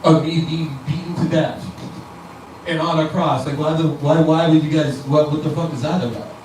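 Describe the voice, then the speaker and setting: A man's voice: fairly high pitch, steady tone, moderate pace, a little mellow, slight background noise, natural voice. A man playing an indignant Jesus who is bewildered and swears about what he sees in a church, heard in an echoey club from a distant mic. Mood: baffled. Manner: baffled, profane, incredulous questioning.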